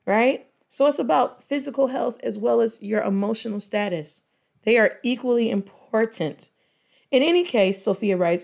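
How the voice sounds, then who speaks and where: A woman giving a casual, playful language lesson, explaining phrases with lively jumps in her voice for emphasis. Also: medium pitch, normal speed. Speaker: Spanish teacher.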